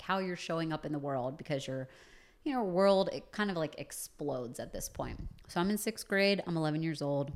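A woman casually telling a personal story, chatty and full of fillers like "you know". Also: sits low.

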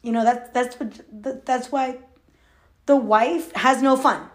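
Woman, 30s, vlogger; confiding personal talk, laughs between thoughts, voice a bit high. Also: steady tone, a little slow. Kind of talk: candid personal talk to camera.

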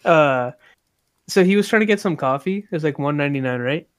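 A young man telling a work story on a podcast, animated, laughing mid-sentence and swearing freely. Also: on the high side, brisk, smooth, no room sound, studio quality. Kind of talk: casual chat.

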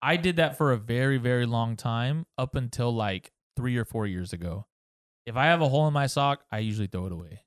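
A man's voice: mid-range voice, lively intonation, brisk, no echo, studio quality. A man co-hosting a podcast, rambling through crude stories with swearing and laughter. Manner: rambling, profane, laughs often. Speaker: podcast co-host. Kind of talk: casual crude chat.

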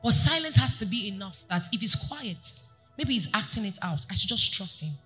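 A woman pastor preaching a sermon to her congregation, animated and often asking them questions. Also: medium pitch, moderate pace, soft background music. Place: church.

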